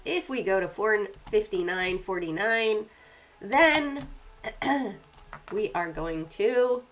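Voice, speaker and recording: A woman's voice: medium pitch, expressive, slow pace, slight background noise. Stuffy-nosed woman hosting a market livestream. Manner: chatty, walks through her screen setup. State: congested, stuffy nose, clearing throat. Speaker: stock market livestream host. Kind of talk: casual livestream talk.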